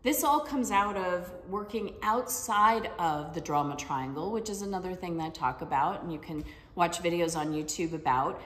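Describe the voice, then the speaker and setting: A woman's voice: on the low side, normal speed, few pauses, a bit bright. A woman life coach giving a motivational talk, telling personal stories in a conversational way and often checking in with tag questions. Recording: roomy with long reverb.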